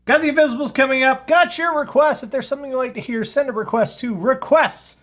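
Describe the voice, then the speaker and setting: A man's voice: extremely high pitch, fast, few pauses, fairly bright tone, a little hiss or hum. A man hosting a casual live radio show, rambling and sarcastic, swearing freely as he talks.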